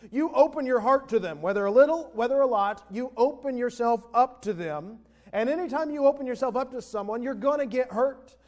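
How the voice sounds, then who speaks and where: A man's voice: sits high, a little mellow. A man, a pastor, giving a conversational sermon in a church and leading the congregation in call-and-response. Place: church sanctuary.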